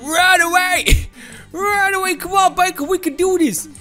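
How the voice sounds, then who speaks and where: A woman hosting a gaming channel, giving excitable, playful let's-play commentary with frequent laughs and shouts. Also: very high voice, a little slow, faint music behind.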